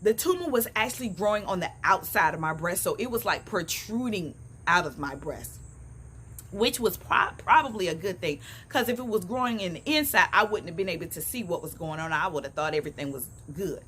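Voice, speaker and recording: A woman's voice: on the low side, lively intonation, brisk, pushed and bright, a little hiss or hum. A middle-aged woman sharing a personal faith testimony on a phone camera outdoors, earnest and conversational, often calling her viewers "y'all". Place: outdoors on a sunny morning.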